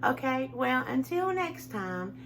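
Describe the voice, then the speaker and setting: Chatty woman, slightly gravelly voice. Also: high-pitched, very animated, takes it slowly, fairly bright tone, a little hiss or hum. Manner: chatty, rambling, heartfelt, says y'all a lot. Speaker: home decor vlogger. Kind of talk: casual chat to camera. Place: at home, indoors.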